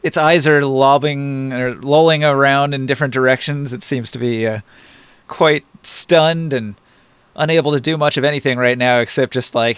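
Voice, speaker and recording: A man's voice: medium pitch, a bit bright, smooth, no room sound. A man narrating a tabletop game as game master, thinking aloud over rules with easy fillers.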